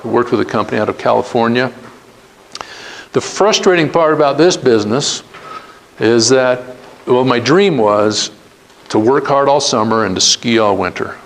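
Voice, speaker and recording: Middle-aged guy telling his story to a class, earnest, acts out the quotes, average pitch. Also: moderate pace, low-quality recording. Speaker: guest speaker. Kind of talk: storytelling talk to students.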